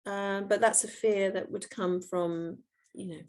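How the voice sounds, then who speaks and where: A woman's voice: medium pitch, steady tone, a little slow, darkish tone. A middle-aged woman, a homeopath, explaining her work patiently in an interview, with many fillers and restarts.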